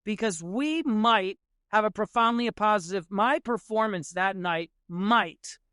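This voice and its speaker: A man's voice: high-pitched, unhurried, pushed and bright, smooth, no room sound, clean studio sound. A man, a jazz musician and podcast guest, telling stories in a rambling way, restarting sentences and saying "you know" a lot. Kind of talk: conversational storytelling.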